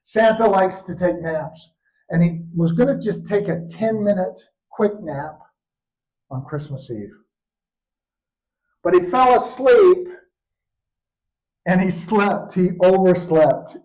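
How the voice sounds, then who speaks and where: An older man telling stories in an animated, expressive way at a live storytelling performance. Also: high voice, poor audio.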